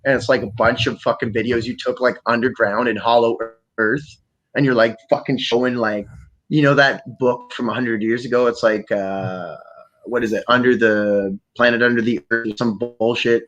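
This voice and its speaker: A man from Canada hosting a podcast, talking in a rambling, profane, animated way. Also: mid-range voice, moderate pace, dull audio. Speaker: podcast host. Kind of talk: casual chat.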